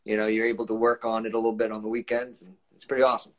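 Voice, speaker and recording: A man's voice: lowish voice, little pitch movement, very fast, a little hiss or hum. A man hosting a live-streamed music show, folksy and upbeat as he chats and greets viewers by name. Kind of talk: casual chat. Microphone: live stream mic.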